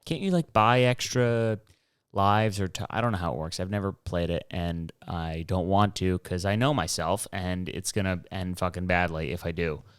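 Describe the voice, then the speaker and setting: A man's voice: low voice, normal speed, clear, resonant tone, dry recording, clean studio sound. A young man hosting his own show, rambling casually through a story, swearing freely and acting out what people said. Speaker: podcast host. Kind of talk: casual solo rambling monologue.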